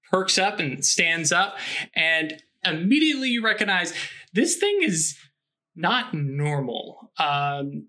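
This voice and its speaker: A man narrating a tabletop role-playing game as game master, rambling and amused with many pauses. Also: a little high, bright, forceful tone.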